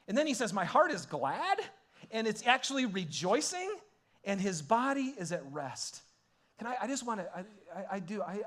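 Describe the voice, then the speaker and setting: Casting: high-pitched male pastor, lively sermon, drops to near-whispers then bursts out loud. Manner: swings from hushed, intimate questions to loud, excited exclamations; repeats himself and restarts, laughing often.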